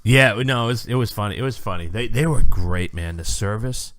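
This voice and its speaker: A man's voice: on the low side, a little fast, no room sound, studio quality. A man co-hosting a podcast, telling a restaurant story in casual chat and acting out other people's lines. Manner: animated storyteller, acts out waiters' lines. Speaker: podcast co-host.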